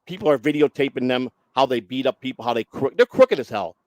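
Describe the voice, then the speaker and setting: A man's voice: medium pitch, lively intonation, fast, darkish tone, no echo. A man telling his own story as a guest in blunt, profane casual talk, acting out what other people said. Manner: blunt, swears constantly, acts out other people's lines.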